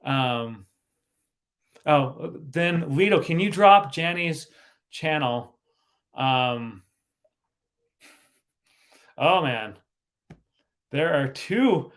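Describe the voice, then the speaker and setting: A man's animated, slightly high voice moves slowly with long pauses as he hosts a relaxed livestream. He keeps laughing, stumbles while reading the chat, and breaks off mid-sentence in a giggly way.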